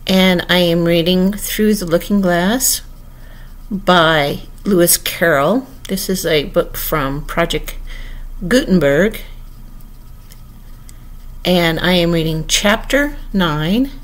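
A woman's voice: fairly low pitch, slow, long pauses. Woman reading a storybook aloud. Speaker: audiobook reader. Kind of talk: storybook narration.

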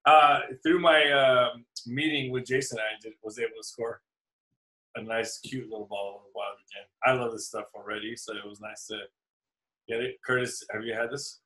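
A man's voice: mid-range voice, fairly even intonation, normal speed, bright, forceful tone, low-quality recording. A man co-hosting a casual podcast over drinks, chatting loosely and laughing as he tells rambling stories. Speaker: podcast co-host.

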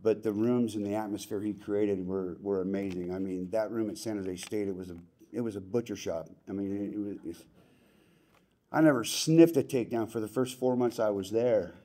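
Man, middle-aged, low warm voice; heartfelt, casual acceptance speech at a banquet. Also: moderate pace. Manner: plainspoken and folksy, with casual slang. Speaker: hall of fame inductee giving acceptance speech. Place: banquet hall ceremony.

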